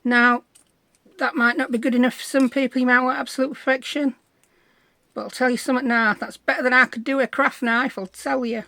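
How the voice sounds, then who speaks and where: Chatty lady showing a craft project, bubbly and self-deprecating, bit high voice. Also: fairly even intonation, fairly quick, pushed and bright, no echo. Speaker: craft vlogger. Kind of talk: casual crafting tutorial.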